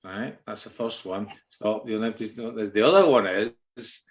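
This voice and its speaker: Low-pitched Scottish podcast host, rambling and teasing in his questions. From Scotland. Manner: halting, many fillers and restarts, teasing. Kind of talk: casual podcast interviewing.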